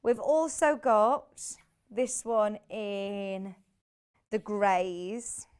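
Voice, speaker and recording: A woman's voice: mid-range voice, steady tone, very slow, clear, resonant tone. A woman presenting live on a shopping channel from a TV studio, chatty and bubbly, laughing easily as she shows fabrics. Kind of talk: live TV product selling.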